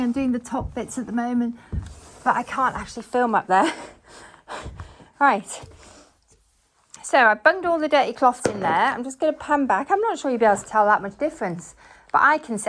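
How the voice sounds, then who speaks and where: A middle-aged woman filming herself cleaning her bedroom, chatting to viewers in a homely way and a little out of breath from the work. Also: on the high side. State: slightly out of breath from working. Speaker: cleaning vlogger. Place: bedroom at home, indoors.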